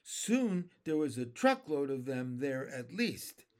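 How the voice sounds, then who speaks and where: A man reading a children's novel aloud, deliberate and expressive. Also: medium pitch. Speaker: storyteller.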